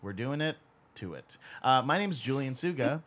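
A man's voice: mid-range voice, very animated, moderate pace, a bit bright. A man hosting a casual music podcast with friends, joking and restarting his sentences. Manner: joking, loose, hesitant restarts. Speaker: podcast host.

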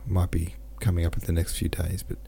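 A man with a deep, gravelly voice reads a novel chapter aloud for his podcast. His tone is dark and mellow, and he slips into easy, chatty asides between passages. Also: monotone, fast, slight background noise. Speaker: podcast host and reader. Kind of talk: audiobook reading with listener comments.

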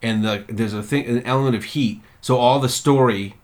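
A man co-hosting a podcast who chats casually, retelling a show in a rambling, animated way with plenty of swearing. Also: mid-range voice, normal speed. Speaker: podcast co-host. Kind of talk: casual chat about a TV series.

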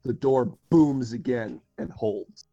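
Male game master, halting narrator, dull lo-fi recording. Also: mid-range voice, mellow, soft background music.

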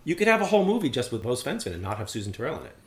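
Very animated and very fast, a man with a mid-range voice co-hosts a podcast, talking casually and at length about a film. He's rambling, opinionated and swears freely.

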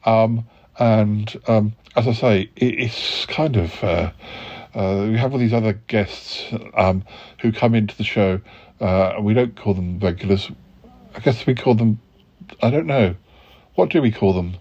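A man's voice: on the low side, a little slow, darkish tone, husky, dull audio. A man hosting a comedy podcast, polite and hesitant, full of ums and stammered restarts. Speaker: podcast host. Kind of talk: improvised comedy sketch.

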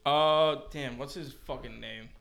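A man's voice: medium pitch, measured pace, creaky. A young man co-hosting a podcast, telling concert stories in slangy, laughing casual chat. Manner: slangy, laughing, animated storytelling. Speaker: podcast co-host.

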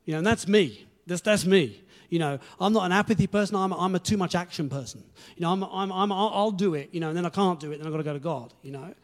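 A man preaching a conversational, encouraging sermon and reading scripture aloud. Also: sits high. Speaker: pastor.

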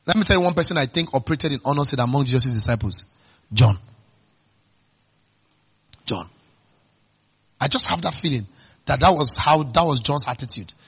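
A male pastor with a Nigerian accent preaching a sermon. He keeps asking the congregation questions and swings between loud emphatic bursts and quiet, low asides. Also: slightly rough. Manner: call-and-response questions to the congregation.

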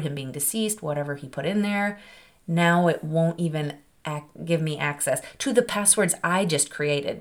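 A woman hosting a podcast, speaking candidly and from the heart in a personal monologue, with a rambling, conversational flow. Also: on the low side. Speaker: podcast host.

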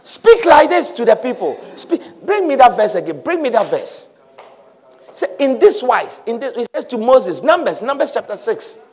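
High-voiced preaching man, fervent sermon. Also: very animated, normal speed, slightly rough. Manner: preaching with loud shouted repetitions, swinging from quiet to loud. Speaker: pastor.

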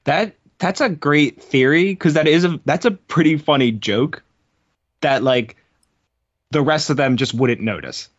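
A man's voice: fairly high pitch, unhurried, no room sound, muffled recording. A man podcast host chatting casually about a movie, often laughing and acting out quoted lines.

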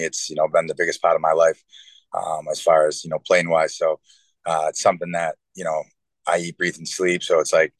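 A man's voice: low-pitched, no room sound, poor audio. A man in his thirties, a professional football player, answering interview questions earnestly with lots of fillers. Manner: earnest, rambling with many fillers. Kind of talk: casual interview talk.

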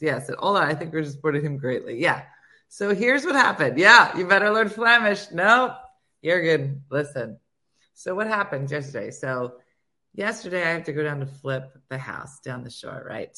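A woman's voice: sits low, sharp tone. A woman hosting an online morning show, chatting casually and poking fun at herself. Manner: chatty, self-mocking, laughs at herself. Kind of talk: casual chat.

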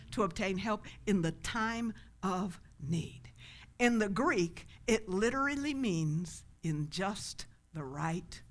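Lady pastor preaching, gets loud and pleading then drops to a whisper, mid-pitched voice. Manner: dynamic preaching, swinging from loud cries to soft whispers; quotes prayers in an impassioned pleading voice. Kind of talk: sermon.

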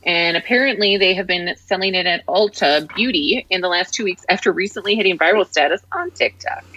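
A woman's voice: on the low side, brisk, pushed and bright, highs cut off. A woman co-host on a video call with headphones, reading hesitantly with many fillers. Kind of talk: casual chat over a video call.

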